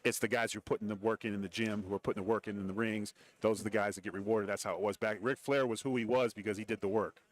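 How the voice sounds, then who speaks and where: A man's voice: fairly low pitch, steady tone, very fast, hardly any pauses. A man being interviewed on a radio show, rambling through stories about his career and acting out quotes. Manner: rambling anecdotes with acted-out quotes. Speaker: interview guest, former wrestler. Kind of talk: casual interview storytelling. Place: radio row at a large event.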